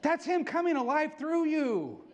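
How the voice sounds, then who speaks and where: A middle-aged male pastor giving an excitable sermon, acting out quotes as he preaches. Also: very high-pitched, a little slow, dull audio.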